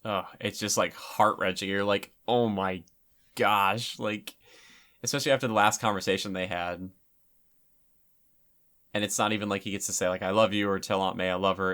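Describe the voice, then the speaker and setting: A man with a low voice talks his way through a movie in relaxed, rambling commentary. He leans on filler words and reacts as he goes, close to the mic. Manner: chatty and rambling, with many fillers. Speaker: film commentator. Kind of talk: casual film commentary.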